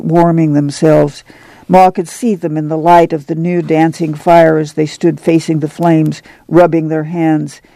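A man narrating an audiobook at a steady, measured pace. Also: fairly high pitch, creaky, no echo, poor audio.

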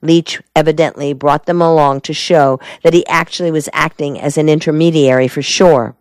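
Woman reading a shrewd, brisk male lawyer. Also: sits low, fairly even intonation, a little mellow, no room sound, close to an everyday voice. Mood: matter-of-fact.

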